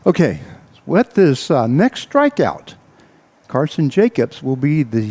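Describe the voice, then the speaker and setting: Man, baseball play-by-play, out of breath, halting delivery with lots of uhs, slightly high voice. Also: very animated, darkish tone, slightly rough. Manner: halting, filler-heavy play-by-play with frequent uhs. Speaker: play-by-play announcer. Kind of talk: baseball radio commentary.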